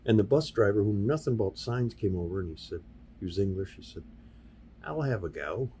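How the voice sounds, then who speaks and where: A man's voice: fairly low pitch, fast talker, warm tone, slight background noise. A man, a sign painter telling stories in a casual studio interview and slipping into the voices of the people he quotes. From US Midwest. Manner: anecdotal, acts out quoted dialogue in passing. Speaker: sign painter and workshop teacher, podcast guest. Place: podcast studio.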